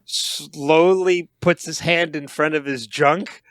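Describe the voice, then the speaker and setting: A man co-hosting a podcast, chatting about a movie in an animated way and often restarting and repeating words as he gets going. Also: a little high, takes it slowly, clear, resonant tone, dry recording. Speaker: podcast co-host. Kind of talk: casual movie review chat.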